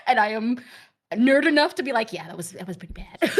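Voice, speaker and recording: A woman's voice: a little high, big pitch swings, brisk. A woman in her thirties, a guest streamer in casual chat, talking in a chatty way with many fillers and frequent laughs. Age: 30s.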